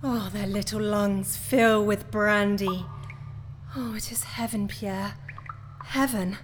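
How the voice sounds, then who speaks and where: A woman's voice: medium pitch, animated, moderate pace, in a large hall, slight background noise, lightly acted. A woman, playing a cruel female chef who caged songbirds, in an audio drama. She speaks with silky, relishing menace. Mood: rapturous.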